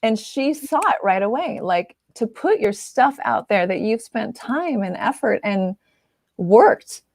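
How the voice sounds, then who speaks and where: A woman artist chatting casually as an interview guest, animated and quick to laugh, with lots of fillers. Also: a little high, vocal fry, dry recording, clean studio sound. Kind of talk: casual conversational chat.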